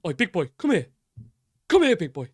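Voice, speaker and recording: A man putting on a loud impression of a shouting, hot-tempered male celebrity chef. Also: sits high, huge pitch swings, moderate pace, slightly rough, dry recording, studio quality, voice pushed up, full character voice. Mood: yelling. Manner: shouty, aggressive barking.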